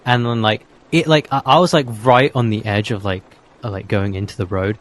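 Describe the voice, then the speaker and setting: A man's voice: on the low side, steady tone, a little fast, rough recording. A young man co-hosting a podcast, telling a childhood story in casual chat and filling his speech with "like". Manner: fills speech with "like". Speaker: podcast co-host.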